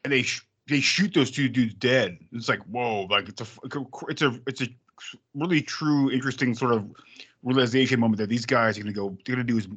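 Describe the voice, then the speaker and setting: A man in a relaxed podcast chat, talking through a film review at an average pitch. He rambles and swears casually, and the recording sounds a little dull and lo-fi. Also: a little fast, slightly rough. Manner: rambling, lots of fillers and swearing. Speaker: podcast co-host.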